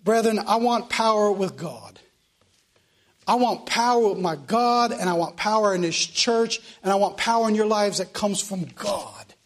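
Man, preacher, high-pitched, fervent sermon, repetitive, loud and quiet swings. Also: lively intonation, unhurried.

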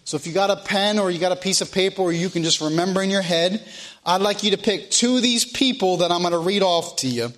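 Pastor, man, high voice, slow emphatic preaching and prayer. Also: fairly bright tone. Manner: preaching with slow, emphatic phrasing, sometimes repeating himself. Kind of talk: sermon and prayer.

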